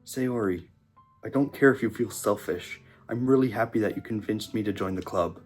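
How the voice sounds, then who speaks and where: A man playing through a visual novel, quietly reading the hero's lines aloud and breaking off into emotional reactions. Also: on the low side, moderate pace, soft background music. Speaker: gaming YouTuber. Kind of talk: let's-play reading and reacting.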